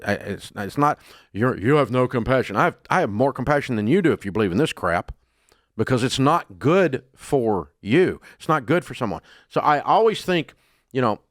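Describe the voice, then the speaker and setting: A man in a studio delivers a blunt talk-radio rant, scornful and forceful. His voice leaps up in pitch and volume when he gets worked up. The sound is close and dry. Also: dry recording. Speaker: radio show host.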